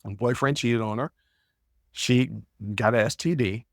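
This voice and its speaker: A man's voice: medium pitch, unhurried, dry recording. Blunt-talking man, dry close sound. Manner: blunt, repeats words while thinking. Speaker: podcast host. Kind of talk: casual storytelling monologue.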